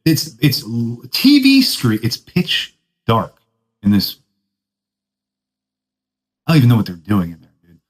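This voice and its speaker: Over poor audio, a young man hosts a podcast in a mid-range voice whose pitch swoops wildly, speaking at a measured pace with long pauses. He spins casual, self-deprecating stories in laid-back surfer talk, saying "dude" a lot and laughing at himself.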